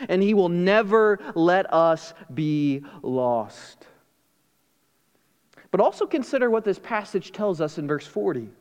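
High-voiced man preaching in a hall. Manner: emphatic preaching with rhetorical questions and acted-out dialogue. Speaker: pastor. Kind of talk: sermon.

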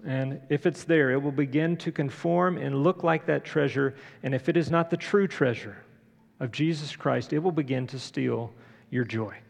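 A middle-aged man preaching a sermon, telling a story conversationally with many pauses and fillers. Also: mid-range voice, creaky. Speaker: pastor. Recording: long church reverb.

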